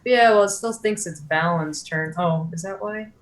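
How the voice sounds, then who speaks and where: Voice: mid-range voice, moderate pace, low-quality recording. A game master narrating turns in a tabletop game, rambling with frequent fillers.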